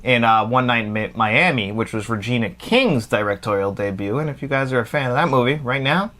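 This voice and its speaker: A man's voice: mid-range voice, lively intonation, fairly quick, a bit bright. A man hosting a casual podcast, enthusiastically recommending films to listeners. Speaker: podcast host, movie fan. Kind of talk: casual chat.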